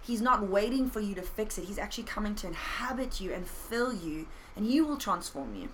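A woman who has been a pastor, telling personal faith stories in an earnest, animated way with playful self-mockery. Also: mid-range voice, brisk, slight background noise, rough recording. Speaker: pastor and podcast guest. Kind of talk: casual faith conversation.

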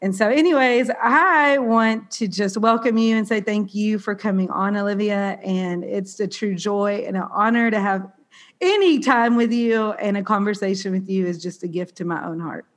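A Southern US woman hosting a podcast talks casually in a medium-pitched voice at a moderate pace. Her chatter is bubbly and self-deprecating, with a slightly nasal, congested sound.

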